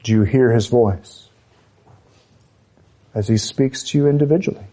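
A man delivers a sermon in a mellow, mid-range voice. He speaks in a measured, emphatic way and presses his listeners with repeated rhetorical questions.

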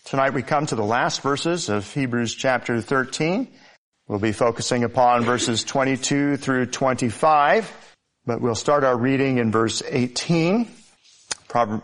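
A male pastor preaching a sermon, reading scripture and driving points home with emphatic repetition. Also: medium pitch.

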